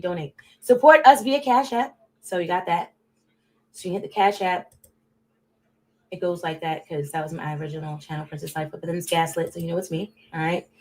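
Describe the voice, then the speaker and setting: A woman hosting a casual livestream, rambling and chatting directly to her viewers, swinging between loud bursts and muttered asides. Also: medium pitch. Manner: rambling, chatty, talks straight to chat viewers. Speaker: livestream host.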